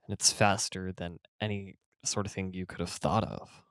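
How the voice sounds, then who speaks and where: Game master, deep voice, vivid second-person narration, dry mic. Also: male voice, flat delivery, moderate pace, a bit bright, smooth, no echo.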